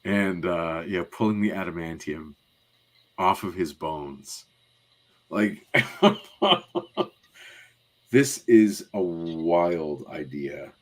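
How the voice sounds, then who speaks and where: Guy with a really deep voice chatting on a podcast, rambly, lots of ums. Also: very slow, pauses often. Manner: detailed, rambling recap with many fillers. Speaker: podcast co-host. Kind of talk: casual podcast chat recapping a cartoon.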